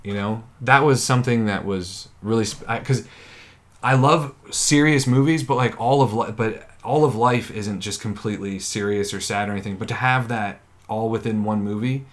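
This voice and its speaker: A man co-hosting a podcast who chats casually and enthusiastically, often halting and restarting his sentences. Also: on the low side. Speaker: podcast co-host. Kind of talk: casual chat about a TV series.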